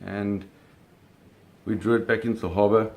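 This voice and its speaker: Gravelly low-voiced man telling a story. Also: steady tone, normal speed, darkish tone. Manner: vivid, swears casually, acts out sounds and scenes. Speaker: storyteller recounting a personal experience. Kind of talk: casual spoken storytelling.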